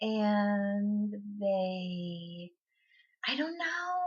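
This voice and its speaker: A giggly woman in her twenties rambles to camera and often pokes fun at herself. Her voice is bright and a little high, and the home audio sounds dull and lo-fi. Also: fairly even intonation, extremely slow. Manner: giggly, rambling, self-deprecating. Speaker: vlogger. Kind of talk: casual chat to camera.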